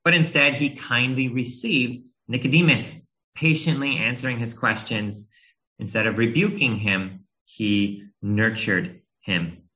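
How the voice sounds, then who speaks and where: Bright-voiced man preaching a gentle sermon. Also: medium pitch, a little slow, rough recording. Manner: gentle, earnest storytelling with uh fillers. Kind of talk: sermon with personal story.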